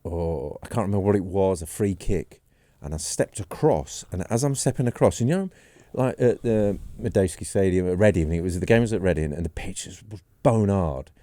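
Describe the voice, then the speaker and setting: Podcast guest, man, 40s: low mellow voice, dry studio sound, rambling self-deprecating storyteller. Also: a little fast, hardly any pauses, no echo. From England. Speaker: podcast guest, former goalkeeper. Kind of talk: casual storytelling.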